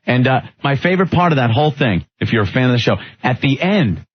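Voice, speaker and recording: A man co-hosting a talk radio show tells stories with a husky, slightly rough edge. His pitch swings widely, and he breaks into laughter often. The sound is dry and lo-fi, like an old broadcast. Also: quick pace, no room sound. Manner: animated storyteller, laughing often. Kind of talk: casual radio banter.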